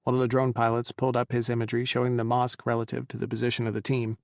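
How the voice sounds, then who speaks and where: Guy reading an audiobook, gravelly voice, dry close sound, steady storytelling. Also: mid-range voice, racing, dry recording. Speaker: audiobook narrator. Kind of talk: scripted audiobook narration.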